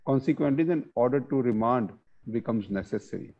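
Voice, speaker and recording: A man presenting a webinar on court judgments, reading case text and explaining it with many pauses and fillers over a video call. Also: medium pitch, animated, dark tone, dull audio.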